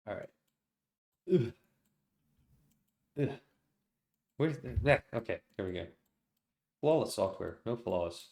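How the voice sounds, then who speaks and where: A man's voice: fairly low pitch, expressive, slow pace, creaky, pauses often, a little mellow, slight background noise. A man narrating as game master in a casual, self-deprecating way.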